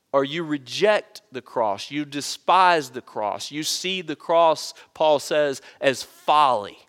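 A man's voice: on the high side, fairly bright tone. A male pastor preaching a sermon, earnest and emphatic, repeating phrases to press his points.

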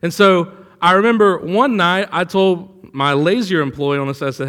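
A man with a high voice preaches in a relaxed, storytelling way, leaning hard on key words. His voice rings out with a long hall reverb. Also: moderate pace, clear, resonant tone. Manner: conversational preaching with anecdotes, rising for emphasis. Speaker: pastor. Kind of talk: sermon.

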